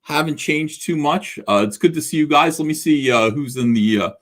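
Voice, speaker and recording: Here a forties-aged man hosts a laid-back livestream, his voice sitting on the high side at normal speed. Going through viewer comments, he rambles, jokes at his own expense, and keeps restarting with lots of filler words.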